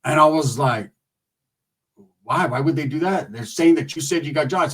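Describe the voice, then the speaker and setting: A man with a husky, slightly raised voice tells a story from his own life in loose, profane street slang. He sits a little back from the mic, so his voice sounds somewhat distant, and his telling is lively and animated. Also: fairly high pitch, moderate pace. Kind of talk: casual storytelling.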